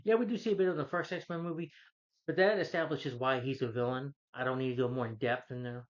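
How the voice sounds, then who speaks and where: Male film reviewer, casual rambling rant, fillers and exasperation, average pitch, muffled lo-fi sound. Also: fairly even intonation, fast. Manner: rambling, full of "you know" fillers, exasperated.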